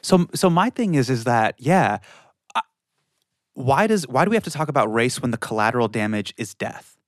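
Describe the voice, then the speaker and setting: A man's voice: mid-range voice, lively intonation, moderate pace, no echo, clean studio sound. A man from California, a guest comedian talking passionately and emphatically in a casual interview. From California, USA.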